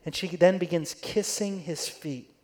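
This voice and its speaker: A man's voice: high voice, a little slow, a little mellow. A man preaching in church, telling the story conversationally and acting out the quoted voices. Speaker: pastor. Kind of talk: sermon.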